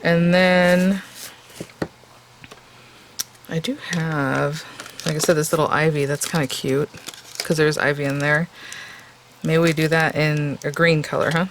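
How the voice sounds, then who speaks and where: Her voice is deep, with fairly even intonation, and she talks a little slowly, pausing often. A woman is demonstrating card making in a laid-back crafting tutorial, chatty and thinking out loud, sounding somewhat weary. The audio is poor, with slight background noise.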